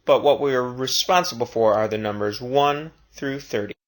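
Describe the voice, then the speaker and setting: A man teaching a recorded language lesson, speaking slowly and deliberately and repeating each phrase twice. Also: medium pitch. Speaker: Spanish teacher.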